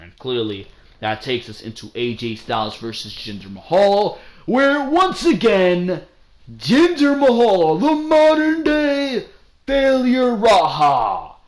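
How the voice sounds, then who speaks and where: A young man hosting a solo wrestling review show, talking in a blunt, profane, ranting way. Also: medium pitch. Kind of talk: casual solo review commentary.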